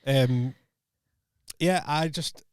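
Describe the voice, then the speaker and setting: A man's voice: fairly high pitch, very slow, darkish tone, no room sound, studio quality. A man co-hosting a podcast, bluntly teasing and rambling with many restarts. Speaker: podcast co-host. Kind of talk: casual chat.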